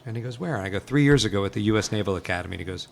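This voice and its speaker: A man with a fairly low voice tells his story at a quick clip. He gets animated and acts out each exchange in quoted dialogue. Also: vocal fry. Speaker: guest filmmaker. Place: film set.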